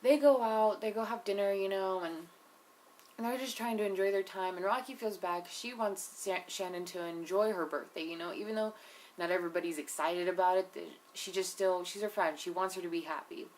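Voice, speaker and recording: A woman's voice: mid-range voice, a little fast, slight background noise. A young woman giving a casual, opinionated recap of a reality show episode, profane and full of "like" and "you know". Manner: blunt, opinionated asides. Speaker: TV episode reviewer.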